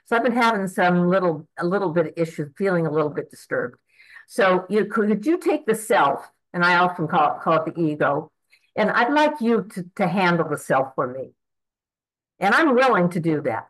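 Woman, 80s, lowish voice; earnest, reflective spoken prayer addressed to God. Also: expressive, normal speed, fairly bright tone, poor audio.

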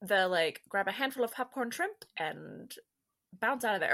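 Bright-voiced woman chatting with fillers. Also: mid-range voice, expressive, normal speed. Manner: laughing, searching for words, filler-heavy. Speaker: podcast co-host. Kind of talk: casual chat.

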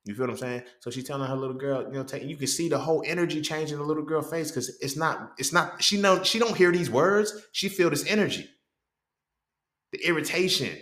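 A man's voice: fairly high pitch, brisk, fairly bright tone, echoey room. A man hosting a podcast in a casual, profane monologue, often checking in with "you feel me". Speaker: podcast host.

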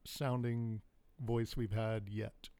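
A man's voice: lowish voice, little pitch movement, slow, mellow, clean tone. Joking, rambling male podcast co-host. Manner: joking, rambling, laughs often. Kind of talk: casual podcast chat.

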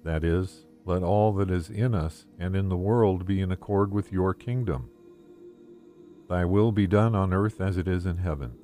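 A man reading a devotional text aloud in the first person, in a calm, gentle and measured way. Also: deep voice, soft background music. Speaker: devotional reader.

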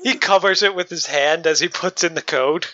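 Male game master, wry measured narration, bright tone, dull lo-fi recording. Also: on the high side. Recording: dull lo-fi mic.

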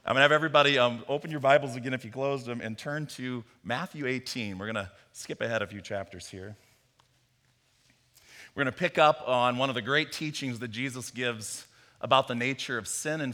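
A man preaching a sermon, telling a parable with animated storytelling and bits of acted dialogue. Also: mid-range voice, a little fast. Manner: animated storytelling, acts out Peter's voice. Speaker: pastor. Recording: long hall reverb.

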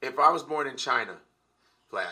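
A man's voice: mid-range voice, lively intonation, normal speed, bright, forceful tone. A man in a heated, casual conversation, ranting emphatically and swearing often. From United States.

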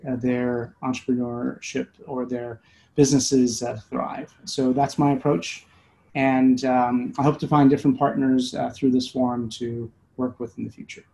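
Mellow-voiced man hosting a panel. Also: mid-range voice, vocal fry. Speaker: panel host and angel investor. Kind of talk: self-introduction on a video call. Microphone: video call.

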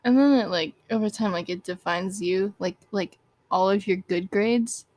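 A woman's voice: mid-range voice, moderate pace, darkish tone, no room sound. Agreeable young woman co-host. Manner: agreeable, lots of "exactly" and "like". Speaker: podcast co-host. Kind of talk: casual chat.

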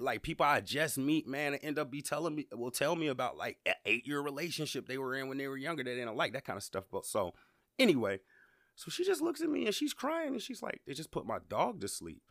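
A man's voice: medium pitch, fairly bright tone, no room sound, studio quality. A man hosting a podcast, talking in a casual, emphatic motivational monologue and often repeating words as he builds up. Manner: conversational, emphatic, repeats words when worked up. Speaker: podcast host.

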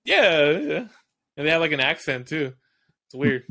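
A man's voice: fairly high pitch, very animated, moderate pace, creaky, pushed and bright. A man co-hosting a podcast in casual chat, laughing and poking fun at himself. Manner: laughing, self-mocking. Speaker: podcast co-host.

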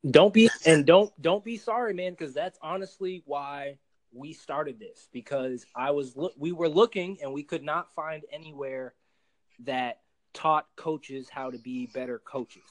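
A man who coaches youth sports, talking animatedly on a podcast and sometimes shouting out sideline calls. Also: a little high, unhurried, rough recording. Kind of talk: casual podcast chat.

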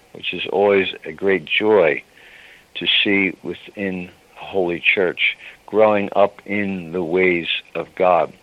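Slow, deep-voiced man on devotional radio. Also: no room sound. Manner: slow, tender and pleading, emotional. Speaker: radio ministry host. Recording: dull lo-fi radio broadcast.

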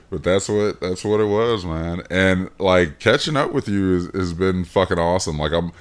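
A man's voice: deep voice, measured pace, clean tone. A man hosting a podcast, chatting casually with an old friend, swearing freely and acting out quoted lines with lots of laughter. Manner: profane, laughing, acts out quotes. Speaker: podcast host. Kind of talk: casual chat.

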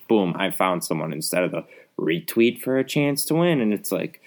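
A man's voice: low voice, very animated, moderate pace. A young man hosting a podcast, ranting in an exasperated, rambling way with lots of fillers. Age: young adult. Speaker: podcast host. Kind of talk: casual solo rant.

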